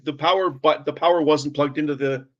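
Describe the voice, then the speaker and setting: A man's voice: fairly high pitch, fairly even intonation, brisk. A man from Canada joining a casual chat as a guest over a video call, easygoing and friendly toward viewers. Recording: dull lo-fi video call audio.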